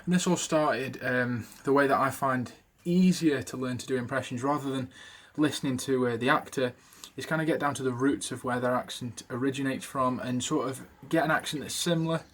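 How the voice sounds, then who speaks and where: A man's voice: mid-range voice, fairly quick, hardly any pauses, fairly bright tone. A man giving a casual spoken tutorial on doing impressions, rambling with many fillers and restarts. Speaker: video creator teaching impressions.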